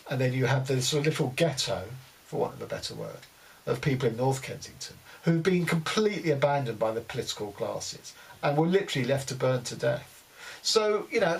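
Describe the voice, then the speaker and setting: A man's voice: medium pitch, creaky. A man giving a casual spoken book review, rambling with many fillers and restarts and giving blunt opinions. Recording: distant mic with faint hiss.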